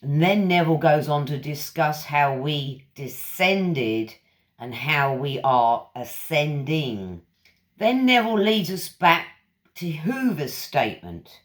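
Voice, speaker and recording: A woman's voice: low-pitched, lively intonation, takes it slowly. A woman hosting a channel, reading lecture passages aloud and stopping to reflect on them. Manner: reflective, stops to comment between quoted passages.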